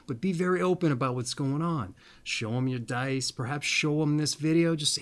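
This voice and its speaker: A man hosting an astrology video, rambling playfully with little asides, then reading a birthday text slowly and deliberately. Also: fairly high pitch. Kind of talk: casual monologue and reading aloud.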